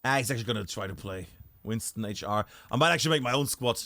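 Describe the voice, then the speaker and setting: A man's voice: lowish voice, animated, fast, creaky, sharp tone, no echo. A man streaming a game live, chatting and thinking aloud as he looks around a map, often breaking off mid-sentence.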